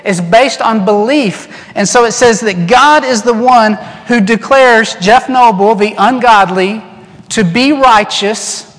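Animated male preacher in a reverberant hall. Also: high-pitched, slow. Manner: animated preaching, acts out quoted voices, drops to soft earnest tones. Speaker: pastor. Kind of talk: sermon. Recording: long reverb in a large hall.

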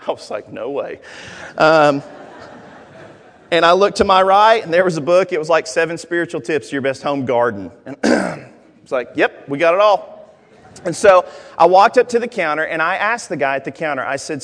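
Joking preacher in a big echoey hall. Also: male voice, on the high side. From Arkansas, USA. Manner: animated, joking storytelling. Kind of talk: sermon. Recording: long hall reverb.

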